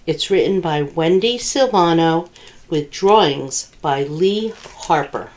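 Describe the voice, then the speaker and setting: Animated woman reading a children's story. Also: sits low, slow. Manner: animated, asks children questions. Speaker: children's librarian.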